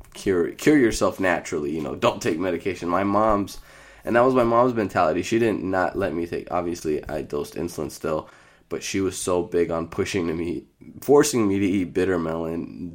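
A young man from Iraq hosting a podcast, telling a personal story in a casual, scattered way, often laughing as he goes. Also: deep voice. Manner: scattered, rambling, laughs through his story. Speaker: podcast host.

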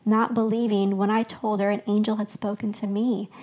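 A woman hosting a podcast, reading a fictional first-person story aloud with expressive storytelling. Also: mid-range voice, normal speed. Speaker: podcast host.

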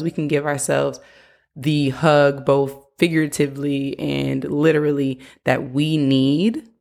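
A woman's voice: sits low, vocal fry, darkish tone. A young adult woman hosting a parenting podcast, talking earnestly in a coaching way and sometimes acting out what a parent might say. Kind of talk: casual advice talk.

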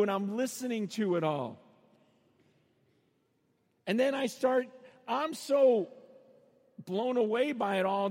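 A middle-aged man preaching a sermon, telling stories and acting out the voices of the people in them, with sudden shouts. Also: very high-pitched. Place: arena. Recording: long reverb of a large arena.

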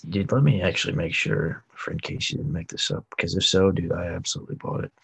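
Very deep gravelly, husky man. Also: fast, a bit bright, a little hiss or hum. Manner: laid-back, joking banter. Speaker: podcast co-host. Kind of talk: casual chat.

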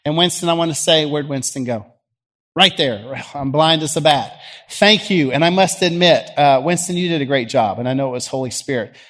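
A man's voice: on the high side, moderate pace, fairly bright tone. A man with a Southern US accent, a pastor leading prayer and preaching in a folksy, teasing, conversational way, worn out by allergies. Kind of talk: sermon and prayer. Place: church sanctuary.

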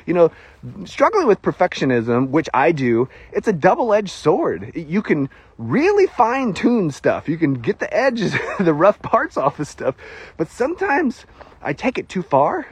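A man's voice: a little high, huge pitch swings, measured pace, breathy edge, dry recording. A man with a Southern US accent preaching a casual sermon, chatty and self-deprecating, laughing often as he talks.

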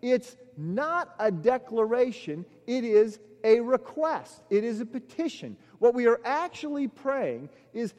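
Middle-aged male preacher, high voice, storytelling sermon, reverberant church hall. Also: big pitch swings, a little slow, few pauses, a little mellow. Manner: storytelling, many uh fillers, building emphasis. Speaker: pastor. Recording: long echoey hall reverb.

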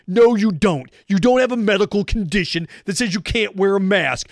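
Sarcastic, animated male talk host. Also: high-pitched, brisk, few pauses, no echo, studio quality. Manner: sarcastic, mocking, animated rants. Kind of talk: sports talk monologue.

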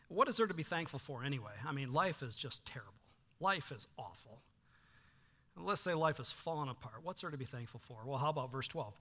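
Bright-voiced man preaching a sermon. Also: a little high. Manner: animated storytelling with frequent fillers and restarts. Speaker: pastor.

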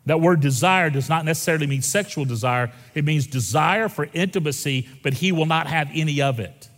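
Animated preacher man in a reverberant hall. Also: a little high. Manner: animated, conversational, with dramatic slowdowns and asides to the congregation. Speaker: pastor. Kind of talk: sermon.

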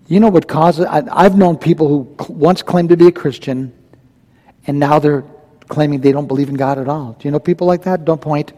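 A man preaches a sermon with a fairly high, mellow voice, speaking emphatically and throwing rhetorical questions at his congregation. His voice rings with the long reverb of a large church hall. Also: a little fast. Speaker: pastor. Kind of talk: verse-by-verse sermon.

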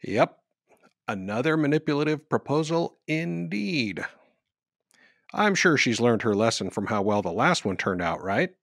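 Man, narrator, sardonic scripted commentary, dry sarcastic manner, lively intonation. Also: medium pitch, unhurried, gravelly, dry recording.

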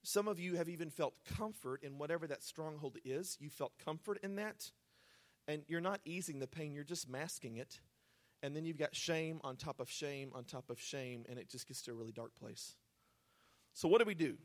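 High-voiced man preaching earnestly. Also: normal speed. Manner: earnest, swings from hushed to loud emphatic urging. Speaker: pastor. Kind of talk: sermon.

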